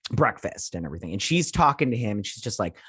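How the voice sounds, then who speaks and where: A man's voice: lowish voice, big pitch swings, fast talker, fairly bright tone, slightly rough, no room sound, studio quality. A man hosting a casual episode recap, rambling with lots of fillers as he retells scenes. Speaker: host.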